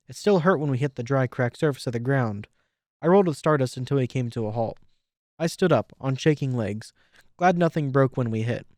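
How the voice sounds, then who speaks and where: A man reading fan fiction aloud in steady first-person storytelling. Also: medium pitch, no echo, studio quality. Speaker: audiobook reader.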